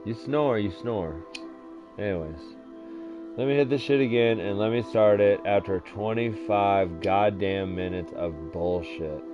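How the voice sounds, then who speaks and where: A man's voice: lowish voice, measured pace. A young man rambling crudely through a casual story, swearing constantly and stumbling over fillers. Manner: profane, crude, loose storytelling with many fillers. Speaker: vlogger. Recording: dull lo-fi sound with faint music.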